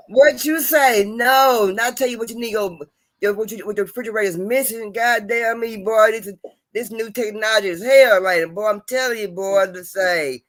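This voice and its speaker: A man's voice: sits high, unhurried, pushed and bright, dry recording. A man hosting a casual chat show, laid-back and talking straight to his viewers. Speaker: host.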